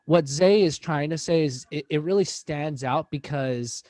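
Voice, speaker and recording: A man's voice: on the high side, unhurried, darkish tone, no room sound. A young man co-hosting a podcast in casual chat, easygoing, summing up points and steering the talk. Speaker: podcast co-host.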